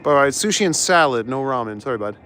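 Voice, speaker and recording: A man's voice: medium pitch, animated, fast talker, a bit bright, slight background noise. Laid-back man streaming a city walk. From Canada. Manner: laid-back, chuckles often, reads out chat. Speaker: live streamer. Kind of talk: casual chat. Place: city streets outdoors.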